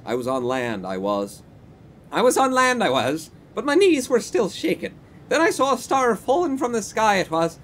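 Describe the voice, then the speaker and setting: A man's voice: sits high, very animated, moderate pace, a bit bright, a little hiss or hum, voice pushed up. A man voicing a drunken old Irish dock porter, with a put-on Irish accent and a theatrical, sing-song, grandiose way of telling his tale. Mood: awed, dramatic.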